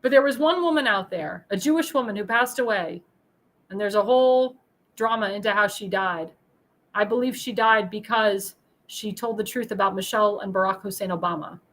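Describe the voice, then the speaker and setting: A woman hosting a political talk show, ranting in a heated monologue full of insults and bursting into angry shouts. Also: mid-range voice, normal speed, poor audio. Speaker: host.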